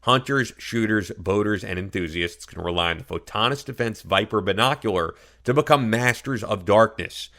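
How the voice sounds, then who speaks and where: A podcast host reading sponsor ads with an upbeat, emphatic delivery. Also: male voice, on the low side, normal speed, hardly any pauses, fairly bright tone. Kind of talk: ad read.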